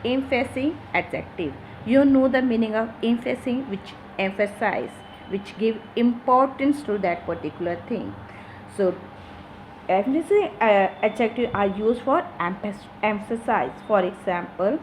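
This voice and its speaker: A woman's voice: a little high, moderate pace, a little hiss or hum, low-quality recording. A woman teacher, explaining grammar to schoolchildren in an online class, repeating each example sentence. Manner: addresses pupils directly as children.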